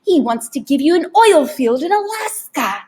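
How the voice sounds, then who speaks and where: A woman's voice: high-pitched, big pitch swings, normal speed, darkish tone, voice pushed up. A woman voicing a sly, pushy male tempter in an audiobook, coaxing like a salesman. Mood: wheedling. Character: sly fast-talking male tempter, wheedling and cocky.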